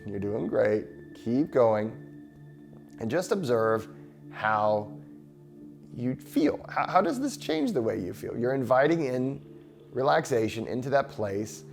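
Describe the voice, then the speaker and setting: A man hosting a show, leading a guided breathing exercise in a slow, soothing, encouraging way. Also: mid-range voice, big pitch swings, creaky, faint music behind. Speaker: breathwork host.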